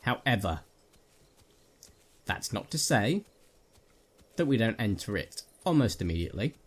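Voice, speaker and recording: Jumpy, lively male game commentator. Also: lowish voice, unhurried. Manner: jokey, jumpy, talks to viewers while playing. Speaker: gaming video creator. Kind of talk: live gameplay commentary. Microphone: headset.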